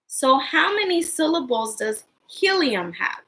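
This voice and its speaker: Sing-song teacher woman, high and bright. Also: big pitch swings, vocal fry, low-quality recording. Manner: slow, sing-song, encouraging teacher talk to young children. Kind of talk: classroom lesson livestream.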